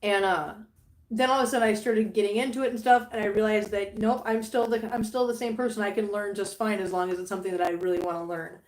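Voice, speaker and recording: A woman's voice: mid-range voice, fairly even intonation, quick pace. Chatty woman live-streaming at home. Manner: chatty, laughs often, coos at kittens. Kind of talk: casual live-stream chat with cats. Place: home living room. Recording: roomy home sound with faint background hiss.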